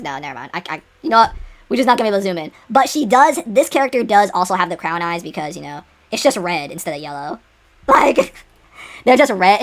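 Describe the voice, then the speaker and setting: A young adult woman vlogging in an unscripted casual chat, rambling with many fillers and restarts and sudden excited jumps in pitch.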